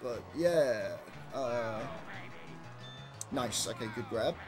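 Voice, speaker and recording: A man's voice: medium pitch, lively intonation, drawn-out words, over music. A young man commentating his own speedrun live, nervous and swearing as he talks to himself.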